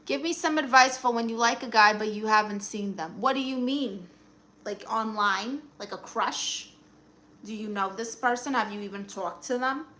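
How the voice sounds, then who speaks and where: A woman with a Brooklyn, New York accent speaks in a fairly high, bright, forceful voice at a moderate pace. On her casual livestream she hands out advice, sassy and teasing as she replies to comments and calls everyone honey.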